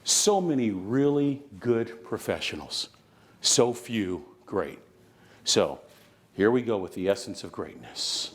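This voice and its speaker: Taking it slowly, a very animated man with a fairly low voice addresses a live conference audience. He is a San Francisco Bay Area motivational speaker preaching through call-and-response in his keynote.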